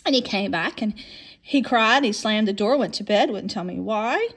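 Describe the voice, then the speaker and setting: A woman's voice: medium pitch, animated, normal speed. A woman in her fifties telling a long personal story in a monologue, rambling and often repeating or restarting her words.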